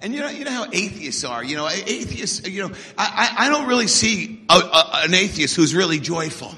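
Brief: energetic middle-aged preacher, bright ringing voice, swooping delivery. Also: male voice, sits high, brisk. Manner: energetic, call-and-response preaching. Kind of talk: sermon. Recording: echoey hall.

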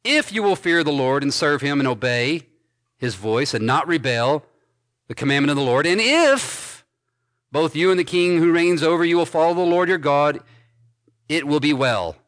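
A man pastor preaching an expository sermon, reading scripture aloud and commenting on it with emphatic stresses and quiet endings. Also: on the high side, moderate pace. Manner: emphatic preaching, swinging between loud stresses and dropped soft endings.

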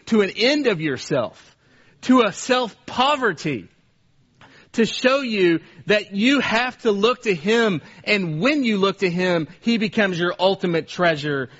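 A man's voice: high-pitched, a bit bright, muffled recording. A man delivering a sermon as a pastor in a church, with an earnest, repetitive preaching cadence. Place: church service.

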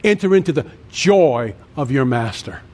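A man's voice: mid-range voice, sing-song, normal speed, a little mellow. A man in his sixties, a pastor preaching a sermon with an earnest cadence and emphatic repeated lists. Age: 60s.

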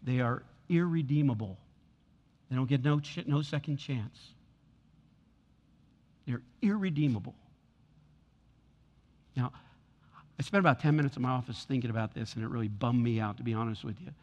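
A man's voice: medium pitch, normal speed, pauses often, a little mellow, muffled recording. A man pastor preaching a sermon in a church, repeating lines and building in force. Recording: long hall reverb.

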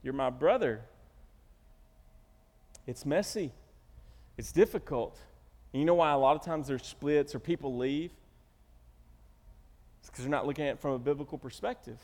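A man's voice: fairly high pitch, normal speed, long pauses, darkish tone. A middle-aged man preaching a sermon as pastor, telling stories animatedly and acting out the quotes. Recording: reverberant church hall.

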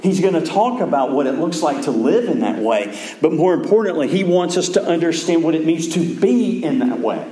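A man preaching a sermon as pastor, earnest, dropping to a hush and then rising to emphatic calls. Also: a little high, reverberant.

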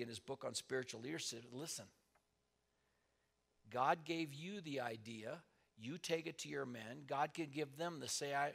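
A male pastor preaching a sermon, moving between soft, quiet asides and loud, emphatic lines. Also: medium pitch, vocal fry.

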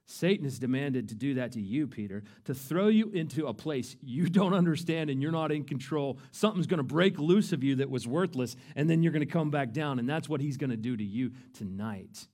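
A pastor preaching a sermon with passion, swinging between hushed moments and loud emphasis. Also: male voice, mid-range voice, animated, a little fast, hardly any pauses.

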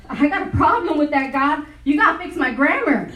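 A woman delivers a sermon at a retreat, her voice high and her storytelling animated and full of laughter. She sounds a little distant from the mic, and the hall around her echoes. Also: a little fast. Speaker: retreat speaker. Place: large hall.

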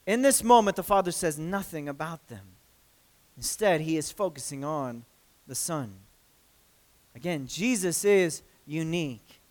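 A man preaching a sermon as a pastor, earnest and conversational, often restarting phrases. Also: sits high. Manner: earnest preaching with frequent restarts and acted quotes.

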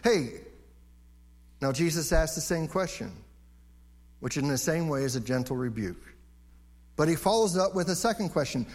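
A man's voice: a little high, darkish tone. A man preaching a sermon as pastor, earnest, often repeating words as he starts a phrase.

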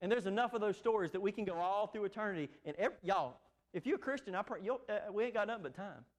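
High-voiced male pastor preaching. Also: animated, quick pace. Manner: emphatic preaching with repeated phrases. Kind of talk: sermon.

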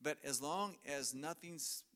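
A man's voice: on the high side, slow pace, pushed and bright. A middle-aged man preaching a sermon in a church, telling a story with humor and frequent chuckles.

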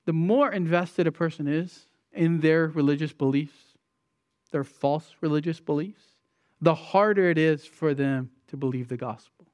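A man's voice: a little slow, clear, resonant tone, no echo. Emphatic preacher man, dry sound. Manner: emphatic preaching with sweeping shifts in pitch and loudness. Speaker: pastor. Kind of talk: expository sermon.

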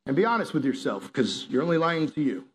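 A young man preaching a casual, lively sermon to teenagers, often saying "like" and "right?". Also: fairly high pitch, fast, breathy edge. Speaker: youth pastor. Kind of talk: youth sermon.

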